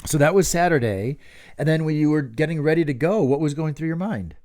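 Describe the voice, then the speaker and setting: A man's voice: a little high, expressive, fairly quick, a little mellow, no echo, clean studio sound. A middle-aged man co-hosting a podcast, telling a rambling, swear-filled story in casual chat. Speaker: podcast co-host.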